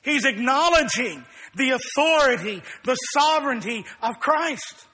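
A man preaching a sermon as pastor, in deliberate, emphatic phrases. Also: very high-pitched, lively intonation, pushed and bright.

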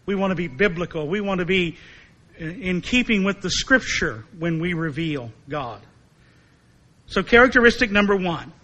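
A man preaching a sermon in a high, bright, forceful voice. He is emphatic and slows down to repeat his main points. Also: animated, rough recording.

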